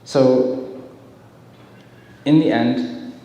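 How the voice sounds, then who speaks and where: A man's voice: mid-range voice, very slow. A man giving a dharma talk in a temple hall, telling stories with frequent restarts and repeated words. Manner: storytelling, warm-hearted, repeats words. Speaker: dharma speaker. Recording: echoey hall, faint hiss.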